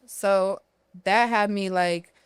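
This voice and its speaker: A woman's voice: medium pitch, steady tone, slow pace, smooth, dry recording. A woman, a podcast guest candidly telling a long personal story full of profanity. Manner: candid and profane, tells her story at length. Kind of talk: casual storytelling interview.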